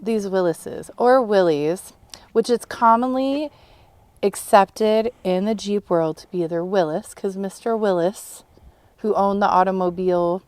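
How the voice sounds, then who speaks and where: A bubbly, excited woman who co-hosts and produces a car restoration channel chats casually on camera, laughing often and rambling through her explanations. Her voice is mid-range at a measured pace, with no echo.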